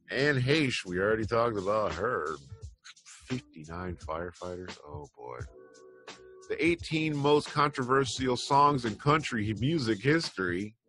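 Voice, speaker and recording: A man's voice: mid-range voice, fairly bright tone. A man hosting an online news show, talking casually and rambling through his opinions with wry asides. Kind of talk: casual commentary on news headlines.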